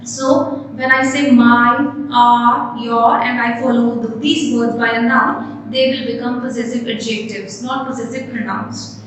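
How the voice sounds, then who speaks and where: A woman gives an English grammar lesson, slowing down to stress each example word. Her voice sits high. It bounces around a very reverberant room, heard from a distance off the mic. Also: steady tone, noisy background. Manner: slow, deliberate, stressing example words.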